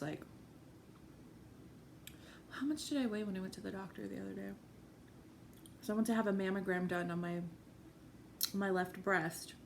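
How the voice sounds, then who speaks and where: A young woman chats loosely into her phone or camera as she eats, her talk wandering and full of self-mocking asides and swearing. Her pitch sits in the middle for a woman. A faint background hiss runs under the home recording. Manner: rambling, self-deprecating, cursing, frequent laughs. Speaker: vlogger. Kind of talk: rambling casual chat while eating.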